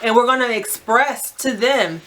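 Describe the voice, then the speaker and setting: Loud, direct woman from New Jersey. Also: a little high, unhurried. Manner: emphatic and direct, often checks in with "right?"; naturally loud. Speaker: advice vlogger. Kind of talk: direct-to-camera advice talk.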